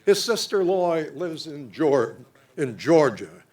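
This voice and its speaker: Slow, solemn older man giving a memorial speech. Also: fairly high pitch, very animated, a little mellow. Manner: slow, solemn storytelling with deliberate pauses. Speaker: speaker at a memorial dedication. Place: outdoor memorial dedication.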